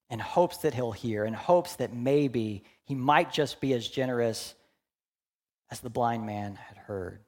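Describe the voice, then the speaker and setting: A young adult male pastor preaching a sermon, animated and humorous, then dropping to hushed, earnest asides. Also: medium pitch, unhurried.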